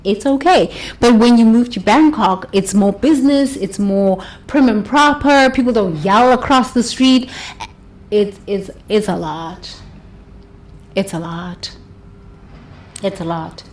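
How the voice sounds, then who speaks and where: A woman giving an expressive motivational talk, stretching words for emphasis and laughing often. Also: medium pitch, slow pace. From South Africa. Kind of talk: motivational monologue.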